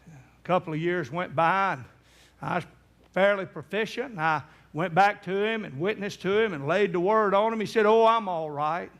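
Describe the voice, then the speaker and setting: High-voiced evangelist preaching. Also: male voice, normal speed. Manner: acts out quoted voices, rising to near-shouts in emotional peaks. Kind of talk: sermon storytelling.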